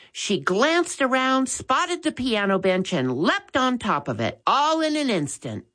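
A woman reads a children's chapter book aloud at an unhurried pace. Her pitch sits in the middle of the range, with a lively rise and fall. The reading is expressive and clear. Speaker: storyteller.

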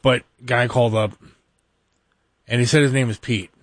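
A man's voice: mid-range voice, fairly even intonation, normal speed, no room sound. A man co-hosting a radio talk show, making wry, questioning remarks. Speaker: radio co-host. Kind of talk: casual talk radio chat.

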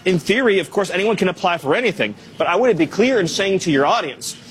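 A man's voice: high-pitched, animated, fast, slight background noise, low-quality recording. A man speaking as a political guest on a news segment, making firm, insistent statements.

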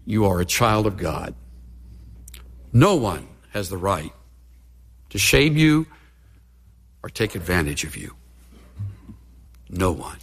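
Folksy, animated preacher man. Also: deep voice, slow, gravelly, long pauses, breathy edge, big-room sound. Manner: folksy, humorous storyteller. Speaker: pastor. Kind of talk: sermon.

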